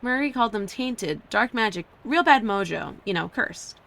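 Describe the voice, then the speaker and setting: A woman's voice: mid-range voice, animated, normal speed, vocal fry, a bit bright. A woman voicing a friendly young antique shop clerk who talks in a chatty, slangy, casual way.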